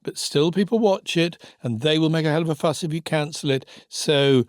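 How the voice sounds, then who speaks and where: A man's voice: fairly high pitch, moderate pace, no room sound. Reflective middle-aged man, dry studio sound. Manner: reflective, anecdotal storyteller. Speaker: podcast co-host, former TV commissioner. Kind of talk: casual chat.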